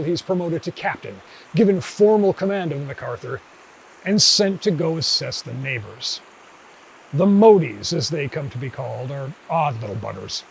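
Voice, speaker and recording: A man, the host of a video essay channel, narrating a scripted commentary in a measured, dryly wry way. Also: a little high, gravelly, a little hiss or hum, low-quality recording.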